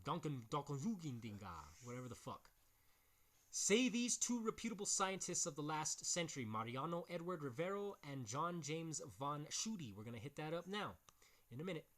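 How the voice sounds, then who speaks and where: This male video host has a voice on the high side, fairly bright and very animated, at normal speed. He reads book passages aloud and breaks in with crude, mocking remarks, swearing often in his blunt, casual commentary.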